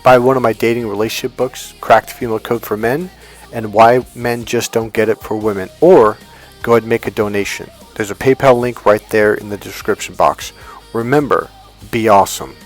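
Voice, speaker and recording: A middle-aged man, a dating coach, telling a personal story in a vlog with animated, acted-out delivery. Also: fairly low pitch, fairly quick, faint music behind. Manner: animated storyteller, acts out quotes.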